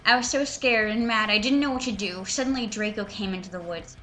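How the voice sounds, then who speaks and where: A woman's voice: medium pitch, pushed and bright, slight background noise. A young woman giving a mocking, dramatic reading of fan fiction, with sarcastic asides. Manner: reads slowly, breaks into laughter and sarcastic asides. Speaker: reader and commentator.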